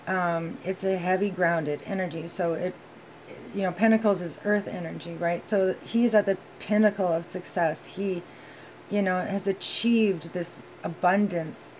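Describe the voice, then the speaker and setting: A woman giving a casual, heartfelt tarot reading, talking gently with many ums and you-knows. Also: lowish voice, fairly even intonation, measured pace, a little hiss or hum, low-quality recording. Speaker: tarot reader.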